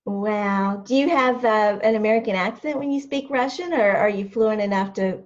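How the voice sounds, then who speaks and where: A woman podcast host interviewing a guest over a video call, enthusiastic and quick to laugh. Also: medium pitch. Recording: dull lo-fi call audio.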